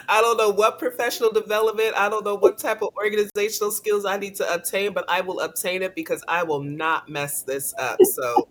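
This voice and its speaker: A woman's voice: medium pitch, steady tone, moderate pace. A woman career coach hosting a casual interview, upbeat and chatty, laughing often.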